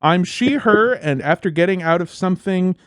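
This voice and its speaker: A man's voice: sits high, normal speed, clear, resonant tone, no room sound, clean studio sound. A man co-hosting a casual comedy podcast, joking and swearing, reading listener letters aloud. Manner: joking, profane, reads letters aloud in a lively voice.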